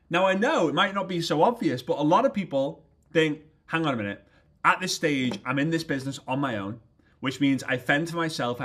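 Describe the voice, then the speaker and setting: A man in his thirties, a business trainer, giving a motivational training talk as a lively storyteller who asks rhetorical questions. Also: on the high side. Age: 30s.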